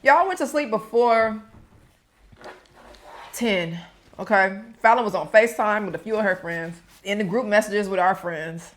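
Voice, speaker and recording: A woman's voice: medium pitch, a little slow. A woman vlogger chatting casually with her viewers while she eats a meal on camera. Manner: chatty, talks straight to viewers. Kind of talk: casual mukbang chat.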